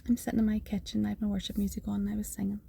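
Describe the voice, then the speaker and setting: A woman tells her testimony with a deep, dark, raspy voice that often drops into a breathy half-whisper. Her delivery is earnest and emphatic, circling back on repeated phrases, with a gravelly fry at the bottom of her voice. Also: monotone, very fast. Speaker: person giving a faith testimony. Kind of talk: personal testimony storytelling.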